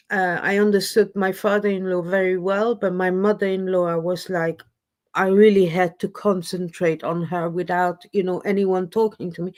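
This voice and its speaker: A woman hosting a casual live stream chat, rambling and self-deprecating as she talks. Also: medium pitch. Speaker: livestream host. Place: lives in Scotland.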